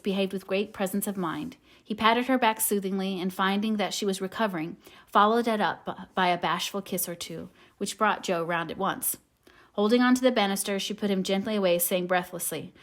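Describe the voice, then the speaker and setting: A woman audiobook narrator reading a classic novel aloud in a measured, gentle way. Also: medium pitch.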